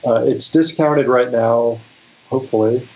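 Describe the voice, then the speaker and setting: A man speaking as a guest on an interview show, relaxed and rambling, with lots of fillers. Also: mid-range voice, unhurried, a crowd in the background, low-quality recording. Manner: relaxed, rambling, many fillers, laughs easily. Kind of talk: casual interview chat.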